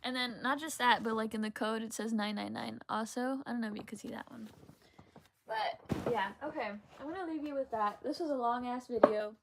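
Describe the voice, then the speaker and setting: A woman's voice: fairly high pitch, fairly quick, vocal fry, a little hiss or hum. A young woman chatting casually about books in a home vlog. She rambles, says "like" constantly, swears offhandedly and laughs often. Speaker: book vlogger.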